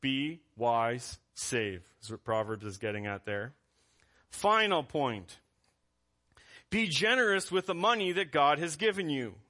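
A man's voice: fairly high pitch, very animated, a little slow, sharp tone. A man preaching a conversational sermon as pastor, reading scripture aloud between asides.

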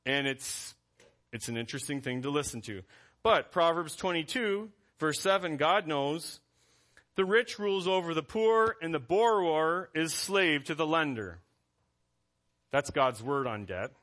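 A man's voice: a little high, animated, unhurried, a bit bright. A man preaching a conversational sermon as pastor, reading scripture aloud between asides.

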